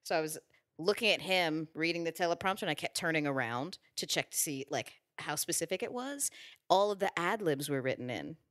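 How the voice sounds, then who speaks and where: Low-voiced chatty woman podcast host. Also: animated, a little fast, a bit bright. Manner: chatty, playful, laughs often. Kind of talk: casual chat.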